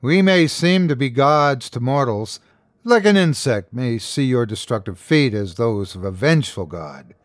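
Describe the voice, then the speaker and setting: Male narrator doing an ancient horned creature for a horror story, slow and measured, lively swoops in pitch, dry close sound. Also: no echo, lightly acted. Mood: calm, menacing. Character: ancient horned inhuman being, calm and curious.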